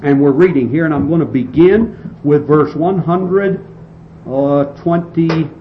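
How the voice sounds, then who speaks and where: A man preaching a sermon, reading scripture and expounding it with slow, emphatic delivery and some restarts. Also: a little high. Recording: dull lo-fi recording with faint hiss.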